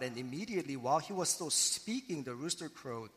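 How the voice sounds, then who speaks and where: A man preaching a sermon as pastor, earnest and emphatic, slowing and pausing for effect on key words. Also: mid-range voice, expressive, a bit bright, in a large hall.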